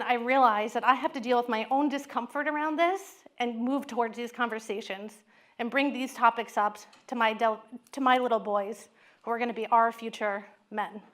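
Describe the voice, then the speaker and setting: Animated woman telling a personal story. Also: on the high side. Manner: candid, animated storytelling with quoted dialogue. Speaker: psychologist giving a talk.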